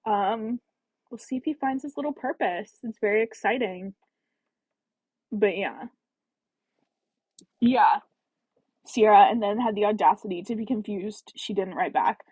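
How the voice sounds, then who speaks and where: A woman's voice: medium pitch, measured pace, pauses often, darkish tone, husky, no room sound, low-quality recording. A woman hosting a casual book club livestream, chatting animatedly and answering viewer comments.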